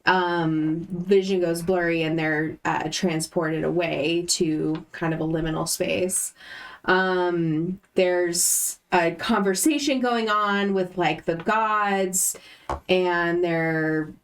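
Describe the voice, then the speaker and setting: A woman's voice: fairly low pitch, fairly even intonation, slow pace. Hesitant woman recapping a game session. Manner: hesitant, full of ums and restarts. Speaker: player recapping the last session. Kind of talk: casual story recap. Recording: distant mic.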